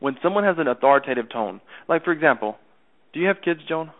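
On a tinny phone line, a man coaching sales chats away, repeating points and making sure he's followed. He speaks fast in a slightly high, expressive voice.

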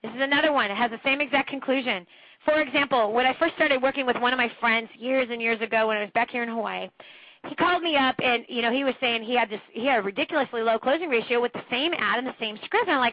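A woman's voice: on the high side, fast talker, dry recording, dull audio. A woman coaching listeners on a training call, talking emphatically and slipping into mocking impressions. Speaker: sales trainer. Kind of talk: motivational training talk on a group call.

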